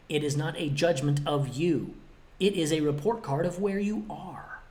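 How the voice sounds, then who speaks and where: A man hosting his own motivational podcast, talking emphatically and bluntly, with a little cheek, and acting out both sides of imagined exchanges. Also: fairly high pitch. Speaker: podcast host.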